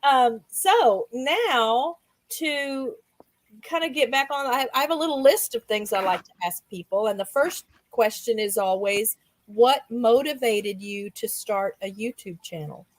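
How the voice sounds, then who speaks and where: A bubbly American woman hosts a casual chat over a video call, quick to react and often giggling. Her voice sits a little high. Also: lively intonation, no room sound. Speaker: show host.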